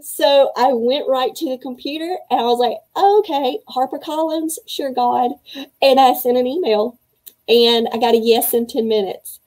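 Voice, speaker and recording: A middle-aged woman hosting a virtual writing conference, telling her story in an emotional, faith-filled, excited way. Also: fairly high pitch, normal speed, rough recording. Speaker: conference organizer and host. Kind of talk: welcome speech to a virtual conference.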